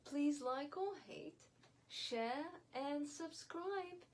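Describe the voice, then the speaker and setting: Slow-speaking, high-voiced woman vlogger. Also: low-quality recording. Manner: opinionated, wry, speaks deliberately with mocking repetition. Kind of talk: casual commentary to camera.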